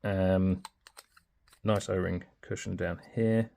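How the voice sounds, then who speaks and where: Deep gravelly man reviewing pens. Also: little pitch movement, slow pace, mellow. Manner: chatty, informal, thinking aloud. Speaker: pen reviewer. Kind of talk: casual product review.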